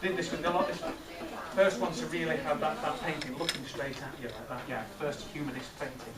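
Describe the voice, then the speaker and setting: Male teacher, middle-aged, lively and questioning; distant mic, roomy echo. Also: a little high, brisk, a crowd in the background. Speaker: teacher leading a maths master class. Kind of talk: classroom teaching with questions to pupils. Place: classroom. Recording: echoey classroom from far off, noisy.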